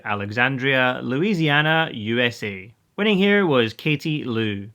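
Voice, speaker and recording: A man hosting a golf news roundup, reading scripted results in a steady way and lifting his voice at each new tour. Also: medium pitch.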